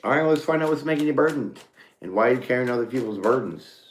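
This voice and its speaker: A man's voice: mid-range voice, lively intonation, fast, roomy sound, a little hiss or hum. Laughing, profane man reading tarot. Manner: profane, rambling storyteller who laughs often. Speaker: tarot reader; former mechanic. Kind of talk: casual live tarot reading.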